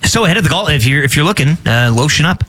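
A man's voice: on the high side, expressive, fast talker, sharp tone, poor audio. A man co-hosting a radio show in casual chat, chatty and giving tips.

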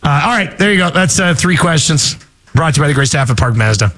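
Animated man hosting a radio show. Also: on the high side. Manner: animated, joking, quick asides. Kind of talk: casual radio banter.

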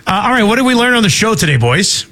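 A man's voice: high voice, sing-song, fast, sharp tone. A man hosting a radio show in casual chat, joking and rambling with many fillers.

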